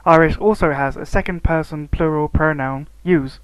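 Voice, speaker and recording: Reading an educational script steadily, a male student narrator with a somewhat higher voice eases up on the example words. The recording is rough yet smooth, dry and close-miked, without echo or room sound.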